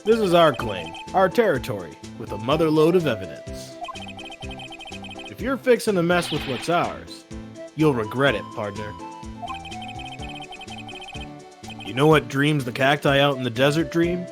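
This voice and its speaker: A man voicing a cocky cowboy-style detective who talks in a slow Wild West drawl. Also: mid-range voice, sing-song, close to an everyday voice. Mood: swaggering. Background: game music.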